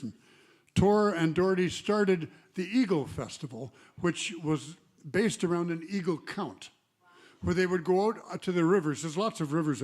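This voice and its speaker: A singer-songwriter chatting and rambling between songs at a live concert, telling stories with trailing asides. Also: male voice, fairly high pitch, a little mellow. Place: live arts venue stage. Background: guitar.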